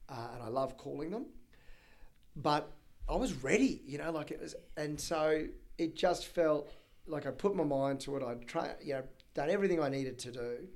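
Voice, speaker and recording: A man in his thirties with an Australian accent, a chatty, energetic auctioneer telling stories in a podcast interview. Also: a little high, normal speed. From Brisbane, Australia. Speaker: auctioneer guest.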